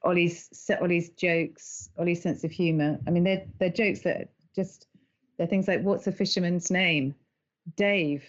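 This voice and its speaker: A middle-aged woman, an animated storyteller who laughs often as a podcast guest. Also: lowish voice, measured pace, highs cut off. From England. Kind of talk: conversational interview.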